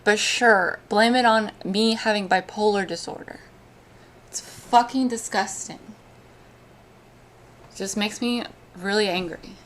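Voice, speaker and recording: A woman talking on a live stream in casual chat, speaking emotionally, with halting restarts. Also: mid-range voice, slight background noise.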